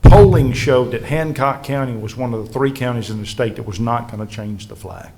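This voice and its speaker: A man's voice: medium pitch, brisk, gravelly. A man, a state legislative leader telling earnest anecdotes to a history panel audience. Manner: earnest, animated storyteller acting out colleagues' words. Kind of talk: anecdotal storytelling to a live audience.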